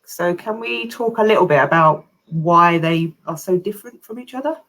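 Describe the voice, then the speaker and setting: A woman's voice: lowish voice, expressive, moderate pace, fairly bright tone. Cheerful woman hosting a live chat. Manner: cheerful, hesitant moderator. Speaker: host. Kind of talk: casual chat. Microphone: video call.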